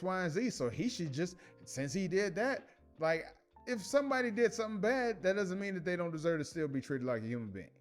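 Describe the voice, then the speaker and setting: Sex: man. Role: commentary host. Style: casual talk. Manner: animated, laughing. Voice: fairly high. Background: faint music. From Chicago. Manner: animated, laughs often, many restarts and slang.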